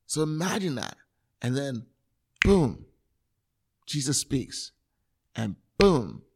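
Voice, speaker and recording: A man's voice: mid-range voice, fairly bright tone. A man preaching a sermon, retelling a scripture story with earnest, vivid storytelling and acting out the scene. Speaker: pastor.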